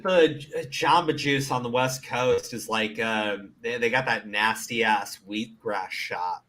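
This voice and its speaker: A man's voice: medium pitch, a little slow, hardly any pauses. A man hosting a casual commentary show, ranting with lots of swearing, stammered restarts and frequent laughter. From Middle East. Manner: profane, animated, laughs often, stammers on restarts. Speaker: commentary host.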